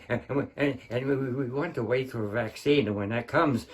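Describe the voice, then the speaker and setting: A man doing an impression of a nervous, creepy 1940s film villain with a soft nasal whine. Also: mid-range voice, moderate pace, pitched below the performer's own voice, lightly acted. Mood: sly. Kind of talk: open mic impression, sung patter.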